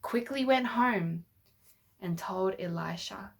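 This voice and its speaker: A woman's voice: medium pitch, takes it slowly, creaky, breathy edge. A woman telling a Bible story to children with toy figures, patiently asking them questions as she goes. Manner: patient, asks the listener questions.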